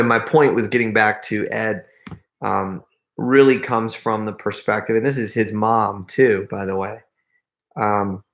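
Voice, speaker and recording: A man's voice: fairly low pitch, creaky. Rambling man telling stories on a livestream. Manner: rambling, restarts often, laughs while telling stories. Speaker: host reading live chat comments. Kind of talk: casual live-stream storytelling.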